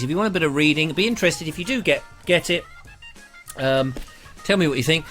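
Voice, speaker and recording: A man's voice: on the high side, animated, fairly quick, pauses often, fairly bright tone, faint music behind. A middle-aged English man hosting a live online show, chatting casually and reading out viewer comments in a rambling, playful way.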